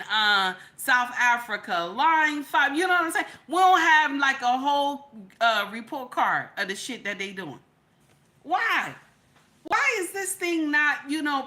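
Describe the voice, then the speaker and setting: A woman giving casual, profane livestream commentary, asking pointed rhetorical questions and greeting chat viewers by name. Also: sits high. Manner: animated, profane, rhetorical, repeats questions for emphasis; addresses chat viewers directly.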